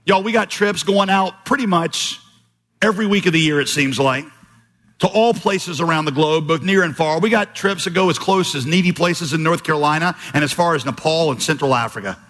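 Animated pastor in a reverberant hall. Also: male voice, fairly high pitch, a little fast. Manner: storytelling with quoted voices, animated and emphatic. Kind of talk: sermon. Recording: long hall reverb, slightly husky.

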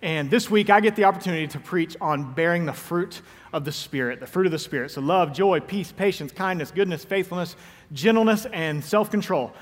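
A man in his thirties with a high-pitched voice preaches to his congregation in a loose, conversational way, full of self-mocking jokes. His words ring out with a long reverb from a large church hall. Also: fairly quick. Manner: joking, self-deprecating storyteller. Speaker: pastor. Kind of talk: conversational sermon. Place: church sanctuary.

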